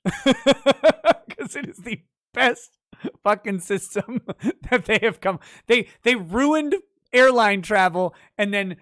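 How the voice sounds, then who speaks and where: A male livestream host rants in a loose, profane style, laughing between lines. His voice leaps up in sudden loud bursts, then drops back to a mutter. The sound is dry and close, with no room echo. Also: high voice, sing-song, slow. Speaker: livestream host reading chat. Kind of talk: casual livestream chat.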